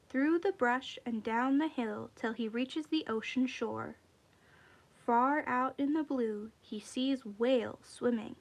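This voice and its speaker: A woman's voice: fairly high pitch, slow. A woman reading a folk tale aloud expressively, acting out its sound words. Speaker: storyteller.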